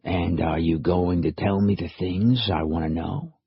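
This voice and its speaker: A relaxed male interrogator coaxing with casual calm, low and husky, done by a man. The audiobook sound is dry and a little dull. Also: a little slow, heavily acted.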